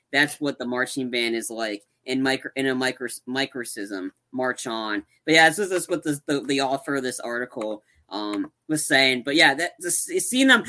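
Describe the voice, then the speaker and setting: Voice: medium pitch, sharp tone. A young adult podcast co-host chatting casually about a movie, rambling with lots of fillers and restarts.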